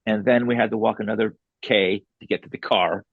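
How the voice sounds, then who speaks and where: Man, husky voice, dry close mic, casual animated storytelling, blunt. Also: fairly low pitch, brisk, no room sound, narrow, tinny audio. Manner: animated, re-enacts dialogue, blunt and salty. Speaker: author interviewed as a podcast guest.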